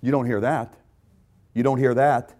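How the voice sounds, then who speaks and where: A man preaching a sermon with passion, repeating lines and swinging from loud outbursts to quiet, intense remarks. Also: mid-range voice, fairly even intonation, normal speed. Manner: impassioned, repetitive, swings loud to soft. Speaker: pastor.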